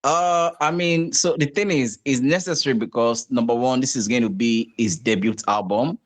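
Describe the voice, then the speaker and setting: A man with a Nigerian accent hosting a music podcast in casual chat, relaxed and full of fillers, slipping into pidgin. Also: mid-range voice, normal speed. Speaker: podcast host.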